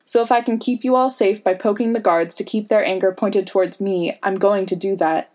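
A woman's voice: medium pitch, steady tone, a little fast, darkish tone, close to an everyday voice. A woman voicing a wisecracking, protective grown man who teases and sometimes growls. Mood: earnest. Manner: wry, teasing, gruff at times.

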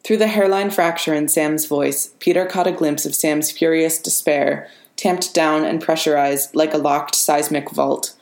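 A woman narrating a story as an audiobook, steady and measured. Her voice sits very low, and the reading sounds like it was taken in a roomy, echoing space. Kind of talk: audiobook narration of fan fiction. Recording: roomy reverberant room.

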